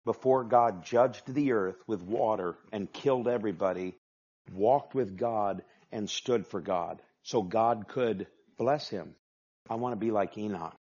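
A male pastor preaching a sermon with emphatic delivery, swinging from hushed asides to loud, forceful passages. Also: lowish voice. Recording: dull lo-fi sound.

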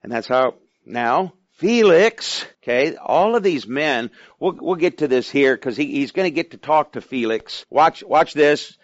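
A man's voice: on the high side, animated, a little slow, hardly any pauses, no room sound, highs cut off. A man preaching a sermon in a conversational manner, often asking the listeners questions.

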